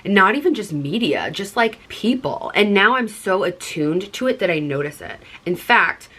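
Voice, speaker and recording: A woman's voice: medium pitch, expressive, moderate pace, fairly bright tone, breathy edge. A young adult woman vlogger talking earnestly and casually to her viewers, filling her talk with "like". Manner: chatty, earnest, heavy use of "like". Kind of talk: casual confessional chat to camera.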